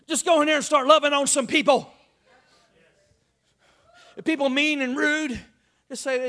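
A man preaching a sermon, emphatic and animated, calling out to the congregation. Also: very high-pitched, normal speed, long pauses. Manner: emphatic, call-and-response, animated.

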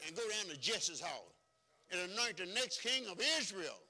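A man's voice: sits high, sing-song, normal speed, pushed and bright, big-room sound, pitched above the performer's own voice, full character voice. A preacher voicing God as a folksy father. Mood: commanding. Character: God, a firm, fatherly male voice.

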